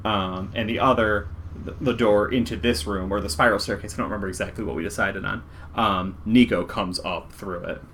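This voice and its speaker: A man running a tabletop game as game master. His talk is casual and full of fillers as he describes the scene. His voice is low but bright. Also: fairly even intonation, a little fast, slight background noise. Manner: casual, filler-heavy, conversational.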